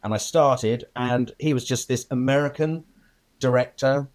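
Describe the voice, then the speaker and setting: An older man tells stories from his career in an interview. His voice sits at a middle pitch, and he talks in a lively way, laughing often and putting on the voices of the people he quotes. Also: normal speed. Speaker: film editor, guest. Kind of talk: anecdotal interview storytelling.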